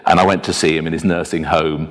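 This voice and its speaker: A man preaching a sermon as a minister, telling anecdotes in a lively, self-deprecating way. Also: extremely low pitch, quick pace. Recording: long reverb of a church hall.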